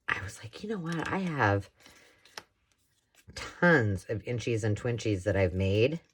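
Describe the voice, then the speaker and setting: A woman's voice: very deep voice, husky. A woman talks casually while she crafts, rambling from one thought to the next. She laughs often and keeps a loose, conversational flow. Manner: chatty, rambling, with frequent laughs. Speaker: craft vlogger.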